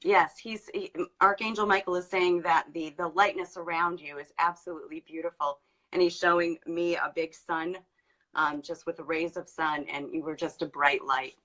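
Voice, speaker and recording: A woman medium giving a channeled reading, gentle and hesitant with pauses. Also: deep voice, steady tone, low-quality recording. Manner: hesitant, pausing with ums, gentle. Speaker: psychic medium. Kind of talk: live online channeling session.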